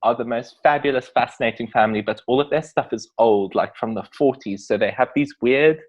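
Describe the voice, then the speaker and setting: Jokey South African man, muffled audio. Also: medium pitch. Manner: quick, jokey, full of "like". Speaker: podcast guest, pop artist. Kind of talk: casual chat.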